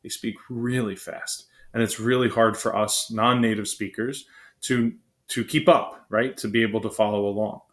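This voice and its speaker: Lecturer, male, lowish voice, quick conversational delivery with lots of "right?" tag questions. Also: fairly even intonation. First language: English. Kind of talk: classroom lecture.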